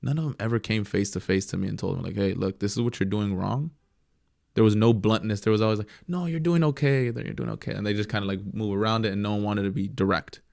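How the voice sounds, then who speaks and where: A young man with a low, gravelly voice recounts his career as a goalkeeper in a relaxed interview. He is reflective and gets lively when acting out what others said. The sound is close and dry. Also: fast talker, no room sound. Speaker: professional goalkeeper guest. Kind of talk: casual interview storytelling.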